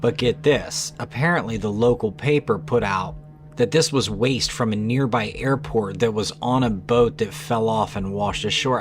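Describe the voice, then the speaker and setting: A man's voice: lowish voice, normal speed, music in the background. A man narrating trail cam clips in a scripted, conversational way with skeptical asides.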